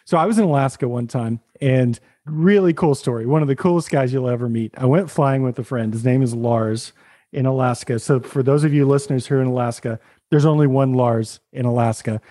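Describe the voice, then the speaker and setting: Guy with a warm mellow voice telling a fun story on a podcast, laughs along. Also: mid-range voice, brisk. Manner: animated anecdote telling with laughs. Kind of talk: casual storytelling chat.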